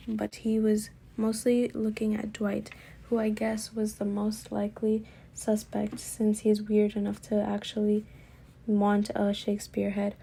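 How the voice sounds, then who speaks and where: A woman reading a children's book aloud in a soft, often whispered narration. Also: medium pitch, creaky, husky. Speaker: story reader.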